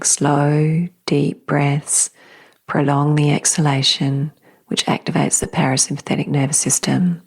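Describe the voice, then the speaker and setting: Low husky woman, slow gentle spiritual podcast talk, lots of whispery bits. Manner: soft, slow, often whispery and emotional. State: tearful at times. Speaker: podcast host.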